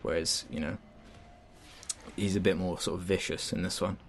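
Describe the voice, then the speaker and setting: Casual young-sounding man reviewing a game, low voice. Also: steady tone, moderate pace, vocal fry, soft background music. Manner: chatty, hesitant, many fillers and restarts.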